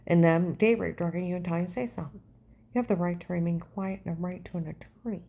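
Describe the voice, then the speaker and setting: A middle-aged woman with a lowish voice talks straight to camera in an intense, rambling monologue. She piles one claim on the next and keeps checking in with the listener by asking "okay?". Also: quick pace, vocal fry, mellow. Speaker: vlogger.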